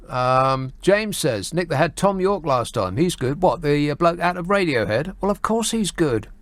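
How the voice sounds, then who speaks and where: A man hosting a radio phone-in, sardonic and quick as he reads out listeners' messages and banters with callers. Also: a little high, very animated, no room sound.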